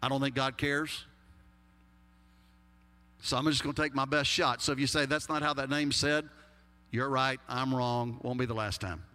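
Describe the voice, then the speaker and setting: A man's voice: medium pitch, steady tone, moderate pace, pauses often, pushed and bright. A man with a Texas accent preaching a sermon as pastor, folksy and emphatic with humorous asides. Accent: Texan. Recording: long hall reverb.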